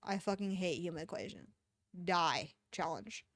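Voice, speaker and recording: A woman's voice: fairly low pitch, animated, normal speed, a bit bright, dry recording, studio quality. A woman streamer reading fan fiction aloud and breaking off for joking, swearing commentary.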